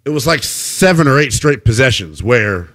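A man hosting a post-game basketball show, giving emphatic, animated analysis and repeating points for effect. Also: mid-range voice, normal speed. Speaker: sports show host.

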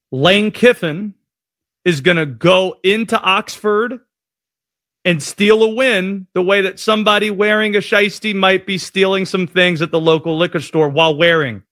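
A slightly high-voiced male sports radio host who talks in a playful, self-mocking way. His voice is close and dry, with no room sound around it. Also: no echo. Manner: jokey, self-deprecating, animated. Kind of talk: casual sports radio chat.

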